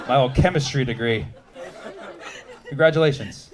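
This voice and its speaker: A man doing a stand-up comedy set on a club stage, quick and sardonic, trading jabs with the audience. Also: medium pitch, background noise. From United States. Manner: quick, sardonic, jumping between bits and audience banter.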